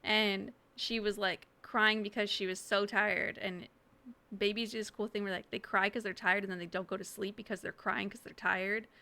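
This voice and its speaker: A woman's voice: mid-range voice, level tone, normal speed, sharp tone. A woman hosting a podcast, chatting casually, telling stories and laughing often. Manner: giggly, chatty storyteller. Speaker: podcast host. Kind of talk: casual chat.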